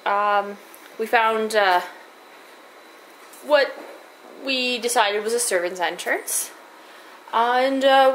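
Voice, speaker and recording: A woman recapping a tabletop game session in character, halting and amused, with lots of fillers. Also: medium pitch, a bit bright, a little hiss or hum, rough recording.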